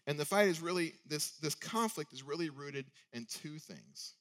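A man's voice: a little high, moderate pace, a bit bright. A male preacher giving a sermon in a conversational way, often asking rhetorical questions.

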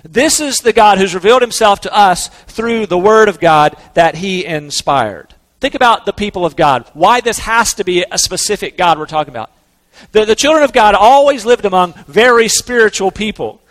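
A man preaching a sermon in an earnest, conversational way, slowing down to stress key words. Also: sits high, expressive, a bit bright, in a large hall. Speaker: pastor.

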